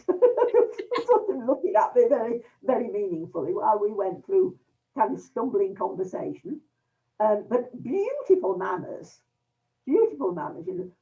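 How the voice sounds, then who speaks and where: An older woman from England telling a rambling anecdote to her history group over a video call, with many restarts and fillers. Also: mid-range voice. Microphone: computer mic on a video call. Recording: tinny distant video-call audio.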